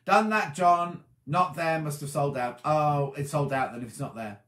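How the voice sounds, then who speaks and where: A tired man hosts a casual live-stream chat, reading viewers' comments aloud and answering them in a chatty, rambling way. His voice is a little high and a bit bright, at a normal speed, in an echoey room.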